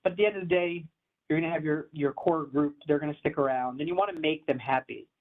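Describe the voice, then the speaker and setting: A man with a fairly high voice gives a conversational interview as a commercial real estate advisor. His delivery is animated and emphatic but easygoing. The sound is thin and tinny, like a phone line. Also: fast.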